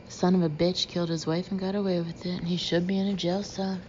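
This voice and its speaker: A woman narrator voicing a gruff, bitter, middle-aged male detective who talks bluntly and sarcastically. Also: lowish voice, level tone, quick pace, muffled recording, background noise, natural voice.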